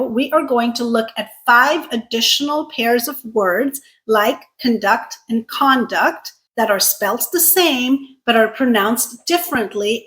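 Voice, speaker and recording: Clear, emphatic woman teaching English. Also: a little high, fairly bright tone, rough recording. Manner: clear, emphatic, deliberate enunciation. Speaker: English teacher and channel host. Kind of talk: scripted video lesson.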